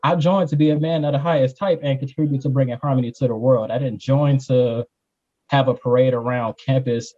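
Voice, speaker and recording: A man's voice: mid-range voice, fairly even intonation, fairly quick, warm tone, dull audio. A man speaking as a panelist in a discussion, emphatic and blunt, sometimes repeating words as he starts. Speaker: panelist, fraternity member.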